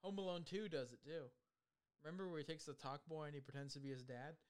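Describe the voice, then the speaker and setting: A man's voice: on the high side, fast, smooth. A young man in casual comedic talk about a movie, laughing often and mocking what the characters say. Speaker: podcast co-host.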